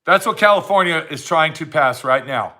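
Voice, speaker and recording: A man's voice: fairly high pitch, lively intonation, moderate pace, bright, forceful tone. A man delivering a heated, blunt ranting monologue to camera, repeating his points for emphasis. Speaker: vlogger.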